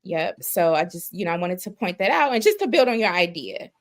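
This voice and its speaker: A woman's voice: lowish voice, sing-song, brisk. A woman hosting a discussion panel who encourages the guests and laughs easily. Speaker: host.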